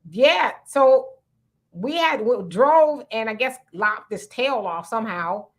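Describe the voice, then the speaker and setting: A middle-aged woman hosting a casual live chat, telling a lively story and acting out the people in it. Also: a little high, takes it slowly. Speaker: host.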